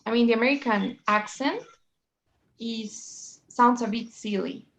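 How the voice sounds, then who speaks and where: A woman's voice: a little high, measured pace, a little hiss or hum. A woman teaching a one-on-one English lesson, explaining in a chatty way and often checking with "right?" and "you know?".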